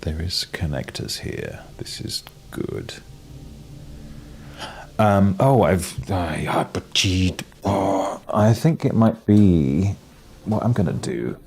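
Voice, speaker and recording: Very deep, gravelly British man gaming. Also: expressive, takes it slowly, a little mellow, a little hiss or hum. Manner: wry, playful, with many fillers and restarts. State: has a cold, coughing and sneezing. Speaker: game streamer. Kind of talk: casual gameplay commentary.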